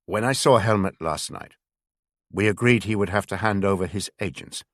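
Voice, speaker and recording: A man reading a senior male spymaster who speaks slowly and very properly in an audiobook. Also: fairly low pitch, fairly bright tone, no echo, studio quality, natural voice. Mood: grave. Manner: slow, very proper. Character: senior male spymaster, older, measured, formal.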